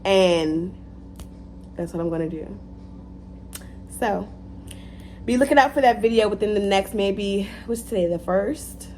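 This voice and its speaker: Woman vlogger, animated motivational talk, repeats lines for emphasis, faint hum behind. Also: medium pitch, a little slow, long pauses. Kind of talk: casual motivational talk to camera.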